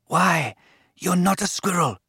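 A man's voice: sits high, expressive, takes it slowly, sharp tone, slightly rough, no echo, clean studio sound, pitched above the performer's own voice, heavily acted. Storybook hero: a scared, defiant boy, voiced by a man reading. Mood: desperate. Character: frightened young boy hero.

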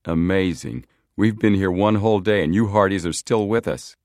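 A man's voice: deep voice, moderate pace, dry recording, clean studio sound, voice pushed up. A man voicing a lanky, hot-headed teenage boy with emphatic delivery. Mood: forceful. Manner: forceful, emphatic.

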